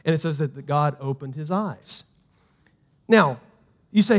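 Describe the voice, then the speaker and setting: A man preaching a sermon as pastor, emphatic and conversational, swinging from loud to hushed and asking the congregation questions. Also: a little high, expressive, a little slow.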